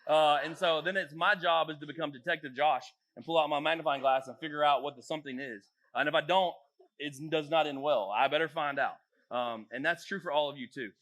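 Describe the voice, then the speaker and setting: A man, a youth pastor, giving a joking, animated talk to teenage girls in a church youth room. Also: fairly high pitch, fairly quick. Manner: jokey, animated, acts out voices. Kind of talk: casual talk to teens.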